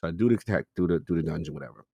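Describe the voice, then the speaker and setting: An animated man co-hosting a gaming podcast, telling a long story in casual chat. His pitch swings widely as he acts out his own reactions, and the sound is dry and close. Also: very fast, gravelly, breathy edge, no echo. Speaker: podcast co-host.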